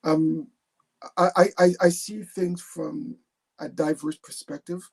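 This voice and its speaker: A man's voice: on the high side, flat delivery, slow pace, vocal fry. A man born in England and raised in Jamaica, a guest telling his story on a video call, hesitant and repeating his words. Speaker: guest, retired army captain.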